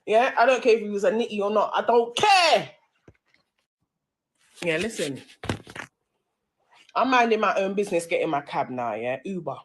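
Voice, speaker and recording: A woman's voice: medium pitch, big pitch swings, normal speed, long pauses. A woman with a London accent, hosting a live-stream radio show, telling a heated story full of slang and swearing.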